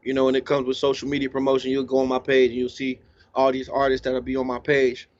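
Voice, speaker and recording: A laid-back man talks slangily as a guest DJ, voice at an ordinary pitch. The recording sounds a little dull and lo-fi. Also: monotone, fast talker, a little mellow. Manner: laid-back, slangy, eating while talking. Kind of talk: casual interview talk.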